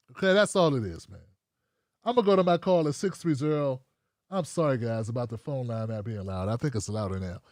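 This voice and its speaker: Guy hosting a call-in show, high pitched, animated and slangy, dry mic. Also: no room sound. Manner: animated, laughing, loose slangy chat. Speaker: host.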